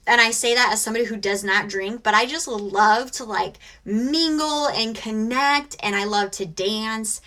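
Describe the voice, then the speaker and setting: On her reselling live stream, a worn-out American woman in her thirties chats with viewers, emotional and admitting she's near tears. She speaks with a sharp, highish voice at a moderate pace, with hardly any pauses.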